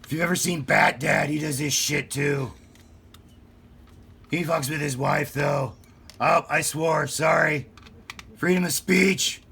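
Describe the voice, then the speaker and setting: A man doing a brooding, boastful Batman in a playful hobby-video impression, gravelly and raised a few notches above his own voice. The growl is loud and strained, pushed out as he shows off a toy car. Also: on the high side, steady tone, takes it slowly, pauses often, voice pushed up, exaggerated voice. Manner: over-the-top growl while showing off a toy car. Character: gruff brooding male superhero vigilante, boastful.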